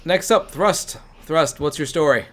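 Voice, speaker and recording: A man hosting a casual group storytelling chat, animated and asking eager questions. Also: on the high side, unhurried. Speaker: host.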